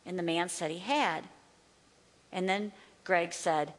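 A woman's voice: fairly low pitch, fairly even intonation, measured pace, long pauses. A woman teaching a sermon in an emphatic way, repeating her key phrases. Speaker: Bible teacher. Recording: long hall reverb.

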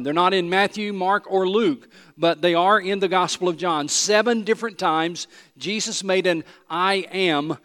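A man's voice: a little high, fairly bright tone. Emphatic male pastor in a reverberant hall. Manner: emphatic, repeats key lines, leads congregation in call-and-response. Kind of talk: sermon. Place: church sanctuary. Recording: long reverb of a large hall.

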